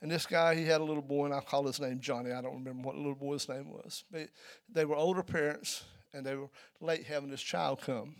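A man preaching a sermon in a church, telling a story and building to loud, emphatic peaks. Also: on the high side, steady tone, fairly quick, hardly any pauses.

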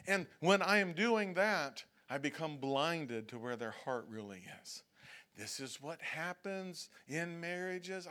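Male pastor, slightly high voice, chatty sermon in church, keeps asking "okay?". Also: a bit bright, clear, resonant tone. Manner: conversational preaching, frequent "okay?" checks, acted-out prayers and whining. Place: church sanctuary.

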